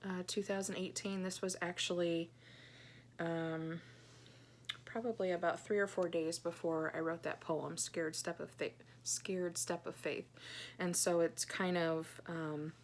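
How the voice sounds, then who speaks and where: A woman in her thirties, a Christian blogger, speaking softly and hesitantly with many ums as she reads her own journal aloud in a personal vlog. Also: lowish voice, fairly even intonation, measured pace, slight background noise. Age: 30s. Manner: earnest and heartfelt.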